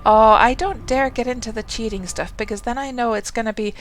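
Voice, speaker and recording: A woman's voice: on the high side, fairly even intonation, brisk, few pauses, a little hiss or hum. A woman streaming a game live, chatting casually in a rambling way, often talking to herself and greeting her viewers.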